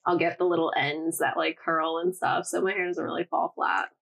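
A woman in her thirties co-hosting a podcast in casual chat, chatty and quick to laugh, often quoting herself. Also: fairly low pitch, level tone, vocal fry, fairly bright tone. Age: 30s. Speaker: podcast co-host.

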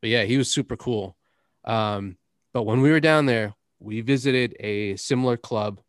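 A man's voice: medium pitch, normal speed, smooth, dry recording, clean studio sound. A young man, chatting casually as a podcast host, rambling through stories, laughing often and cursing now and then. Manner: rambling storyteller, laughs often, drops curses. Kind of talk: casual chat.

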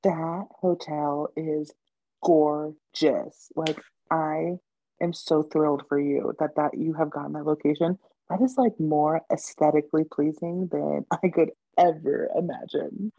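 A woman's voice: low voice, steady tone, a little slow, warm tone, no echo, highs cut off. A woman co-hosting a podcast in casual chat, affirming and supportive, with many fillers. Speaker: podcast co-host.

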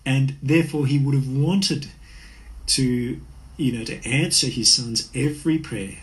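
A man's voice: medium pitch, unhurried, low-quality recording. Aussie pastor guy preaching, earnest and chatty, ums here and there. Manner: earnest, conversational preaching with fillers. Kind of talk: sermon.

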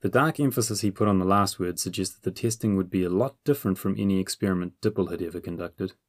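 A man narrating an audiobook chapter in a steady, measured storytelling manner. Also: deep voice, dry recording, clean studio sound. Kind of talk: scripted narration.

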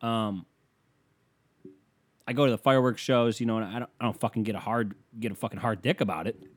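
A man's voice: lowish voice, fairly even intonation, brisk. A man doing a rambling, profane stand-up rant, talking casually and losing his thread at times. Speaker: comedian.

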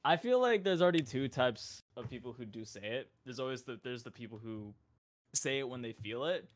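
A man's voice: medium pitch, lively intonation, fairly quick. A young man telling a personal story in a casual chat, laughing and sounding self-conscious. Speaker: podcast guest.

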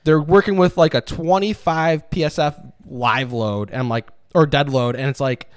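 A man's voice: on the high side, fairly even intonation, moderate pace, clean tone, no room sound, clean studio sound. A young man co-hosting a casual chat, profane and mocking, often slipping into sarcastic mimicry of others. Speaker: podcast co-host.

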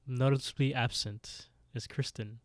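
A man's voice: steady tone, unhurried, dry recording. A man co-hosting a podcast, recapping an episode in casual chat and laughing often. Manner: laughs often, quotes characters in high mocking voices. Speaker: podcast co-host.

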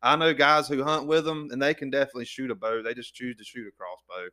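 A man's voice: medium pitch, steady tone, fast talker, bright, forceful tone. A man hosting a podcast, folksy and eager in a casual chat. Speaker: podcast host.

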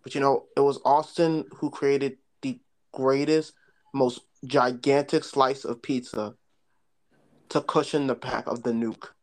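A young man co-hosting a casual podcast, joking deadpan and thanking a guest sincerely. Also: mid-range voice, unhurried. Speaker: podcast co-host.

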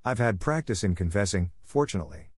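A man's voice: lowish voice, expressive, fast, darkish tone, no echo, studio quality. A man voicing an eager, dramatic young girl who talks in an earnest, impulsive, pleading way.

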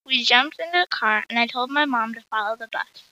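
Bright-voiced woman reading her own story. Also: fairly high pitch, fairly quick, no room sound, poor audio. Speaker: story reader.

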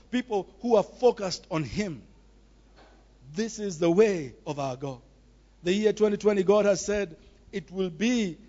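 A man delivers a sermon in a high voice, pressing each point with emphatic repetition. The recording sounds dull and lo-fi, with the top end muffled. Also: a little mellow. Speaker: preacher.

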